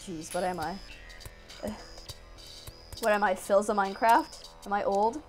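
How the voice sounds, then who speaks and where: A young woman giving excitable gameplay commentary into a desk mic, talking to herself with lots of exclamations. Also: mid-range voice, a little slow, faint music behind. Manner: excitable self-talk, frequent exclamations and laughs. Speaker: gaming channel host. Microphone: desk microphone.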